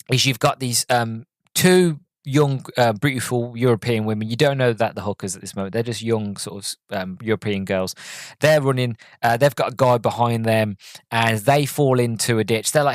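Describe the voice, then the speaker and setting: A man's voice: medium pitch, no room sound, clean studio sound. Chatty man reviewing a film. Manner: rambling, chatty, many fillers and restarts. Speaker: podcast host. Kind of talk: casual movie review.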